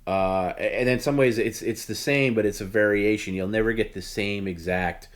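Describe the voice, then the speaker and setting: A man's voice: lowish voice, moderate pace. A man hosting a casual livestream chat, rambling with lots of "like" and "you know" and laughing often. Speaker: host.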